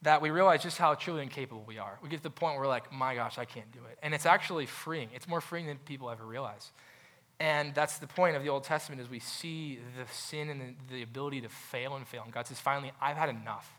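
A young adult man preaches as a pastor in an animated, conversational way, speaking fast at a medium pitch. He acts out quoted voices and frequently restarts his phrases.

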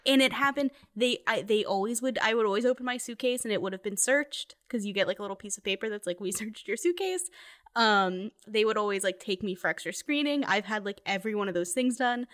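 A woman's voice: medium pitch, expressive, a little fast, fairly bright tone. A young woman telling a personal story in casual conversation, full of fillers and laughing asides. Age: young adult. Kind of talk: casual chat.

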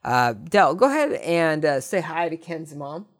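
A man from Southern California, hosting a podcast and chatting casually through listener questions in a rambling, jokey way with sudden excited bursts. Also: fairly high pitch, unhurried. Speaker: podcast host.

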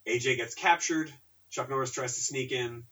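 A man's voice: medium pitch, moderate pace, sharp tone, far from the mic, poor audio. A man co-hosting a casual movie podcast, recapping scenes in a jokey, rambling way with some swearing. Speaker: podcast co-host. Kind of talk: casual movie-review chat.

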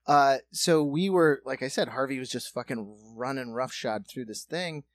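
A man co-hosting a podcast, telling a story in casual chat and acting out the voices and shouts of the people in it. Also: mid-range voice, normal speed. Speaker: podcast co-host.

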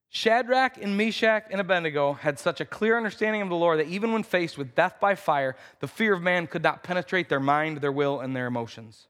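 A pastor preaching a conversational sermon in a church, acting out the quotes in voices. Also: male voice, sits high, lively intonation, a little fast, fairly bright tone. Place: church sanctuary. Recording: reverberant church hall.

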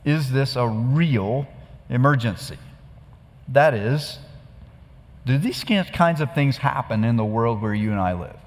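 A pastor giving a sermon in a conversational, storytelling way, with rhetorical questions to the congregation. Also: male voice, mid-range voice, lively intonation, a little slow, long pauses, in a large hall.

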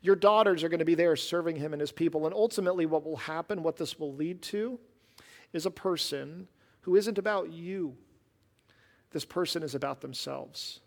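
Male pastor, slightly high voice, sermon delivery mixing emphatic scripture reading with casual asides, reverberant sanctuary. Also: moderate pace, creaky. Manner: reads scripture aloud with rising emphasis, then explains conversationally with sarcasm.

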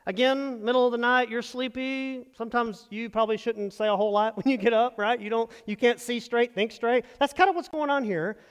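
A man's voice: very high voice, fairly even intonation, fairly quick, few pauses, smooth, big-room sound. A man preaching a sermon in a conversational way, asking the congregation rhetorical questions as he explains a passage. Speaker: pastor.

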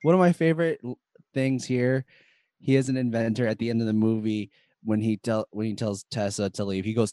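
A man's voice: on the low side, steady tone, a little fast, warm tone, dry recording. Man chatting casually about a movie, dry mic. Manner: rambling, trivia-sharing, frequent fillers. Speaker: podcast co-host. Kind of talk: casual movie-review chat.

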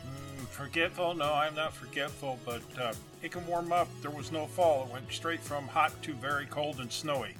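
A man's voice: a little high, normal speed, few pauses, music in the background. A man co-hosting a podcast in casual chat, tossing in dry, wisecracking asides. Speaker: podcast co-host.

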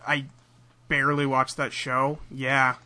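A man hosting a podcast in casual chat, animated and jokey. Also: medium pitch, a little slow. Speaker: podcast host.

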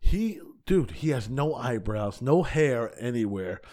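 A middle-aged man tells wild, profane stories in a loose podcast chat. He's a stand-up comic who jumps into other people's voices as he goes, speaking in an ordinary mid-range pitch. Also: measured pace, no room sound. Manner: profane, animated storyteller acting out quotes. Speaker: podcast guest, stand-up comedian. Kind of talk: casual storytelling chat.

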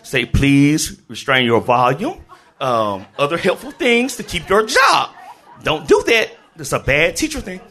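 A man who is a teacher, telling a personal story live on stage, animated, laughing often and shouting to the crowd. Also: high voice, normal speed. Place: live event venue in Memphis.

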